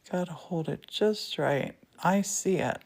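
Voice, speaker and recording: A woman's voice: fairly low pitch, measured pace, a little mellow. A woman hosting a casual live demo from a glass studio, gushing with affection and chatting to her viewers. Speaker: livestream host. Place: indoor glass fusing studio.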